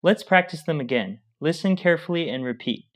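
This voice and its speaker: Calm man explaining a lesson. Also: a little high, fairly quick. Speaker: Mandarin teacher. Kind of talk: scripted pronunciation lesson.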